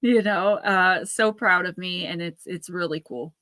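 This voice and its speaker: A woman's voice: on the low side, measured pace, pushed and bright, no room sound. A woman in her thirties hosting a casual livestream, rambling and chatty as she reads out viewer comments. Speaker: livestream host.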